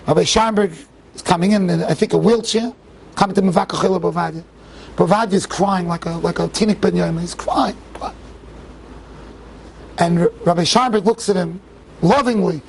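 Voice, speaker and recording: A man speaking as a rabbi at a tribute event, telling stories in an animated way with frequent restarts and Hebrew and Yiddish phrases. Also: sits high, normal speed, vocal fry, long pauses, slight background noise. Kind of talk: tribute speech with storytelling. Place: event hall.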